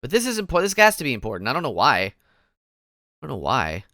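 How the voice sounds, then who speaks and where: A man's voice: medium pitch, huge pitch swings, quick pace, sharp tone, dry recording, clean studio sound. A man streaming a courtroom video game, in playful, goofy casual commentary as he reacts to his chat.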